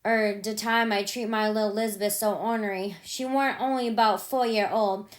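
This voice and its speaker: A woman's voice: medium pitch, steady tone, normal speed, lightly acted. A woman reading as a remorseful grieving father. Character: grieving grown man, remorseful father, folksy.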